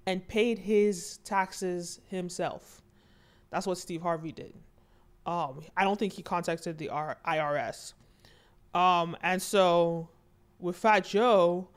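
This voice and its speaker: A host giving casual, conversational commentary, with fillers and asides. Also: mid-range voice.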